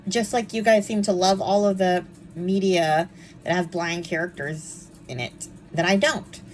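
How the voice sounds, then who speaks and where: A woman's voice: on the low side, fairly even intonation, a little slow, a little hiss or hum, low-quality recording. A young woman chatting casually and with snark as she reviews a book series, with frequent ums and asides.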